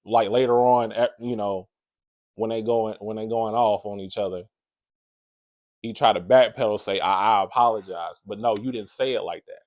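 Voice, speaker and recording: A man reacts to a clip in a casual, slangy, conversational way, animated as he explains. His voice sits in a dry, close recording. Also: fairly low pitch, normal speed, no echo. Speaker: commentator.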